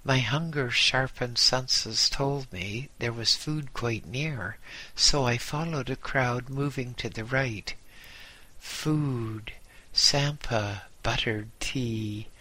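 Slow, bright-voiced male storyteller. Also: mid-range voice. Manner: measured storytelling with voiced dialogue. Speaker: audiobook narrator. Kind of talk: scripted narration.

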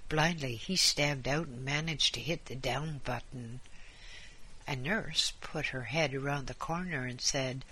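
A man reading a story aloud in a measured, dramatic way. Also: medium pitch, pushed and bright, breathy edge.

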